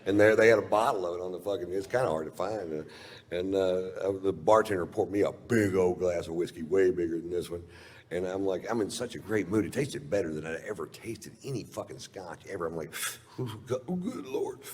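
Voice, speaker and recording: A man's voice: low-pitched, a little fast. A man telling a long profane stand-up story in a laid-back drawl. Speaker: stand-up comedian. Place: live comedy stage. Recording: reverberant live venue with faint ambience.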